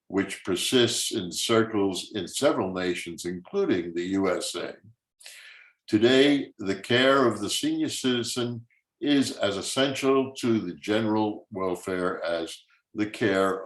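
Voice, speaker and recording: Slow, low-voiced man reading flatly. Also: roomy sound, low-quality recording. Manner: plain, fairly monotone reading. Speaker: reader in a study group. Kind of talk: reading a text aloud.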